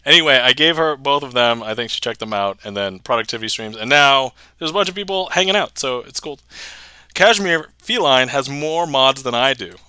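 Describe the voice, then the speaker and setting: A man's voice: mid-range voice, sharp tone, clear, resonant tone, no echo. A young man hosting a casual livestream, chatting with viewers, laughing often and replying to chat. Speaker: magic livestreamer.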